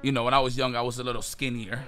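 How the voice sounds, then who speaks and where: Brief: fast-talking New host, lively swooping pitch, music clear behind. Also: male voice. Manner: fast, excitable, swears freely. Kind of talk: casual chat.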